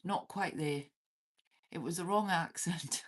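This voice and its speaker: A woman's voice: on the low side, slow. A Welsh woman hosting a livestream from her cabin, chatting casually with viewers, laughing often and swearing freely. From Wales. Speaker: livestream host.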